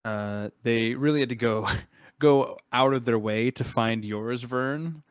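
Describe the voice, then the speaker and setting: Man GM, smooth, dry close mic, hesitant, filler-heavy narration of a tabletop game. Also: mid-range voice, slow pace, no room sound. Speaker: game master.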